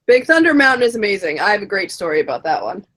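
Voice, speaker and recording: A woman guest on a casual podcast, telling stories with lively enthusiasm. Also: medium pitch, fast talker. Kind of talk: casual chat, telling a story.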